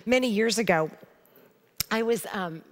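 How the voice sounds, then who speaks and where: A middle-aged woman giving a devotional teaching, telling a personal story in a chatty, animated way. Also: mid-range voice, measured pace. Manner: conversational storytelling, animated retelling. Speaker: Bible teacher.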